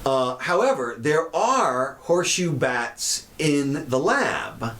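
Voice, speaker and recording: A man's voice: on the high side, slow pace. A middle-aged man co-hosting a casual news chat, joking and laughing often. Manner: lively, laughs often, jokey. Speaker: podcast co-host.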